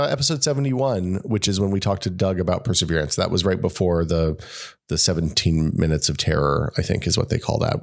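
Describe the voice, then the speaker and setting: A man co-hosting a podcast from a room at home, his voice gravelly and hoarse from illness, rambling casually with many restarts. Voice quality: gravelly, deep. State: sick, hoarse. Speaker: podcast co-host.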